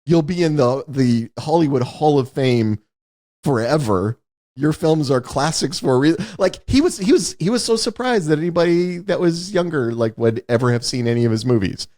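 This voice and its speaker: Podcast co-host guy, super animated, voice jumps all over telling stories. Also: a little high, normal speed. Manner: animated storyteller, acts out quotes. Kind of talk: casual chat.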